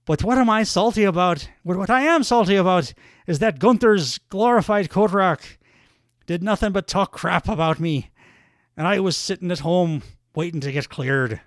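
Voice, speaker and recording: Brash Irish wrestler type, raised-voice swagger and trash talk, as a man puts him on; a higher, dry-sounding voice. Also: moderate pace, no echo, natural voice. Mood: boastful. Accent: Irish, put on. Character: brash loud Irish male wrestler, boastful and combative.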